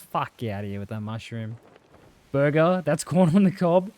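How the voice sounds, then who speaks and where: A man's voice: a little high, expressive, normal speed, darkish tone, dry recording. A young Australian man chatting casually and rambling while he streams a game, swearing freely and answering chat. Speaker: livestreamer.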